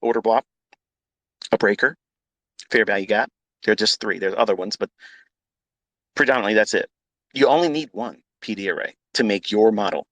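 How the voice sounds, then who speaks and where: A man's voice: lowish voice, normal speed, pauses often, a bit bright, dry recording. A man who mentors traders, talking in a live audio room in a blunt, combative way, swearing often and repeating himself for emphasis. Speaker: trading mentor.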